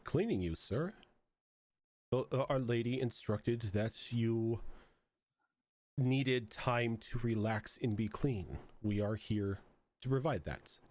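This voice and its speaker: A man voicing an emotionless female bathhouse servant who speaks in a flat, formal monotone. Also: mid-range voice, slow pace, pauses often, close to an everyday voice.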